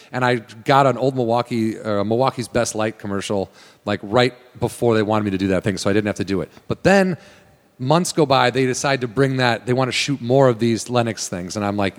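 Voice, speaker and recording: A man telling a rambling story in a loose, profane way, slipping into other people's voices as he quotes them. His voice sits at a middle pitch. It has a long hall-like reverb around it. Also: fast. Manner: animated, swears, acts out quoted voices. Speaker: guest actor. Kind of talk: casual storytelling chat.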